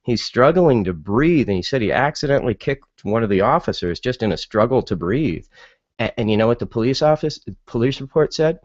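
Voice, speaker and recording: A man's voice: mid-range voice, expressive, brisk, darkish tone, no room sound, muffled recording. A man hosting a casual opinion monologue, exasperated and full of incredulous rhetorical questions and fillers. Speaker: podcast host.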